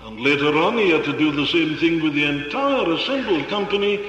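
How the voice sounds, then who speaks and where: A man's voice: on the high side, lively intonation, a little fast, a bit bright, dull audio. A man preaching a sermon in an earnest, rhetorical way, piling up emphatic repetitions. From Wales. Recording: echoey hall with long reverb.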